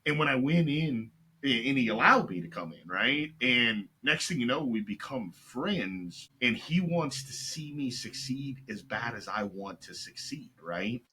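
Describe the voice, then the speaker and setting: A man's voice: mid-range voice, unhurried, breathy edge. A middle-aged man, an entrepreneur guest, telling stories in casual chat and acting out other people's voices, with "right?" and "like" throughout. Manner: animated, acts out customers' voices; peppers talk with "right?" and "like".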